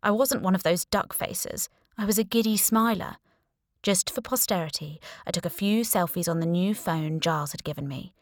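Woman narrator, low-ish voice, wry first-person audiobook read, dry studio sound. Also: moderate pace, no echo. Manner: wry, lively storytelling.

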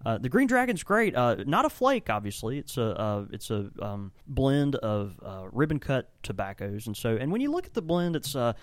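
A man's voice: medium pitch, sing-song, normal speed, few pauses, no echo. A man co-hosting a casual podcast from a tobacco shop, talking enthusiastically and rambling through descriptions. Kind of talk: casual chat.

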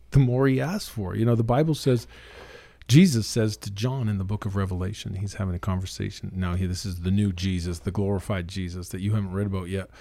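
Guesting in a casual interview, a middle-aged Canadian man who preaches tells his story with earnest emphasis and occasionally quotes other people. He has a lowish, warm voice with vocal fry, and the recording is dry.

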